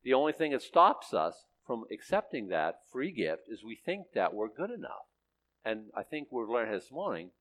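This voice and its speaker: A man preaching a sermon as pastor, conversational and plain-spoken, rising to emphatic peaks. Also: medium pitch.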